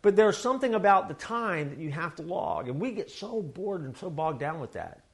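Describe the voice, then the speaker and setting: A man with a fairly high voice delivers a casual, animated sermon, full of quick asides and little acted-out quotes. His talk drifts between loud bursts and soft, slower stretches. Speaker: pastor.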